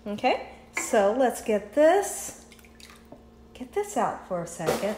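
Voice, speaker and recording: A woman's voice: fairly high pitch, sing-song, slow, a little mellow, echoey room, slight background noise. A woman hosting a home cooking video, chatting with viewers as she tastes and pours, laughing often. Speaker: cooking channel host. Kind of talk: casual cooking demonstration. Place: home kitchen.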